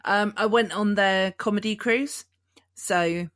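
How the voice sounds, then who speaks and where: A woman guesting on a podcast, chatting in a relaxed, giggly way with plenty of "um" and "uh". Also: medium pitch, takes it slowly. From United Kingdom. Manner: relaxed, giggly, lots of fillers. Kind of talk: casual podcast chat.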